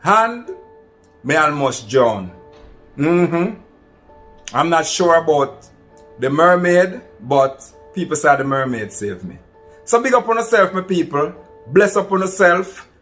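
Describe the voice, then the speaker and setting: A man's voice: on the high side, big pitch swings, takes it slowly, pauses often, a bit bright, soft background music. A man with a Jamaican accent tells a true story to his viewers in an earnest, casual way and calls them "my people". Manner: earnest, addresses listeners as "my people". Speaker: vlogger. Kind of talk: casual first-person storytelling.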